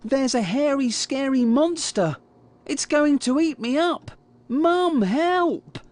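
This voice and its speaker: Man voicing a whiny little prankster boy for a storybook, high and lively. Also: slow, full character voice. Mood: panicked. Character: scared, tricky little boy.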